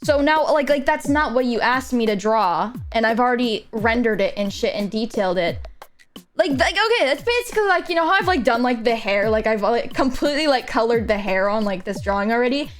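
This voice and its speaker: A woman's voice: on the high side, brisk, faint music behind. A woman streamer and commission artist telling a story casually while she draws, rambling and swearing, with "like" in almost every line. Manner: rambling and profane, heavy use of "like", animated retelling.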